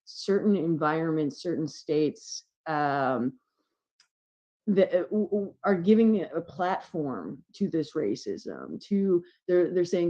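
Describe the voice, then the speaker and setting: Low-voiced woman telling a candid story. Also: slow pace, muffled recording. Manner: candid, swearing, animated storytelling. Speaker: podcast guest. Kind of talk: casual storytelling chat.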